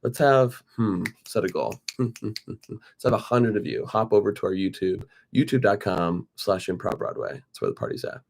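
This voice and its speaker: A man co-hosts a livestream with a lively, swinging delivery that rises and falls widely. His voice carries a gravelly edge, and he teases viewers playfully between housekeeping announcements. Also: fairly low pitch, normal speed. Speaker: livestream co-host. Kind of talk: casual livestream chat.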